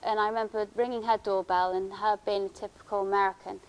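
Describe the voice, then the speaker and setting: A woman speaks at a conference. She tells a personal account in a halting, emotional way, restarting her sentences often. Her voice sits at an ordinary middle pitch. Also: flat delivery, low-quality recording. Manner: halting, emotional storytelling with many restarts and fillers. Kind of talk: first-person account given as a conference talk. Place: conference hall.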